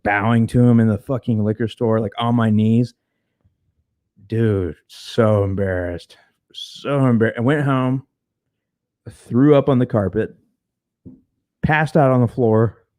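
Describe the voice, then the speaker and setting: Guy on a podcast telling his story, blunt and sweary, mellow tone, dry close mic. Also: medium pitch, no echo. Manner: frank, profane, repeats words when starting. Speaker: podcast guest. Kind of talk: casual storytelling.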